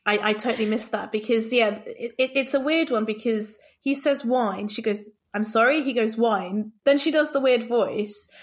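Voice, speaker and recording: A woman co-hosting a podcast, chatting about a film in an animated, playfully sarcastic way, often laughing. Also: on the high side, moderate pace, few pauses. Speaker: podcast co-host. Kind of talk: casual chat about a film.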